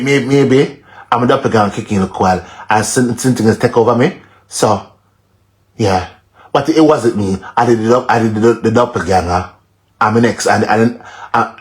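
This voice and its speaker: A man's voice: mid-range voice, moderate pace. A man with a Jamaican accent, rambling in patois on a live stream and repeating himself dramatically.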